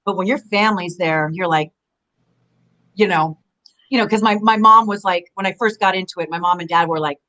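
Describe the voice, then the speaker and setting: A woman's voice: on the low side, fairly quick, rough recording. A middle-aged woman from Southern California, a former wrestler, chatting as a guest on a video-call interview and rambling through her stories. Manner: rambling, animated storyteller. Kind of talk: casual interview chat.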